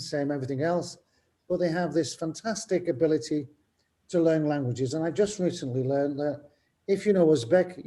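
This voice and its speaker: A man's voice: a little high, warm tone. Older man telling stories. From England. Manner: storytelling, self-mocking humor. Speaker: teacher. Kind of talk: casual panel talk.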